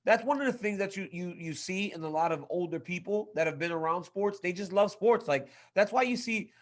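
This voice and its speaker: A man with a fairly high-pitched voice, co-hosting a casual sports talk podcast. He talks with enthusiasm, often repeating his lines for emphasis. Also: a little fast. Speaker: podcast co-host.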